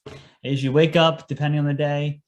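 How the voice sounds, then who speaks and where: A man's voice: on the high side, flat delivery, fast, lo-fi sound. Earnest young man telling his story. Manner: earnest storytelling, acts out his own past lines. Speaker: guest, paramedic. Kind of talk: casual podcast interview.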